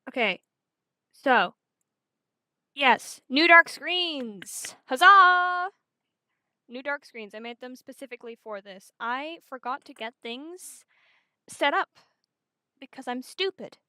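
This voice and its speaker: High-voiced bright young woman streamer. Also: measured pace, clean tone, dry recording, clean studio sound. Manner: scatterbrained, self-mocking, talks to chat while fiddling with setup. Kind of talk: casual live-stream chat.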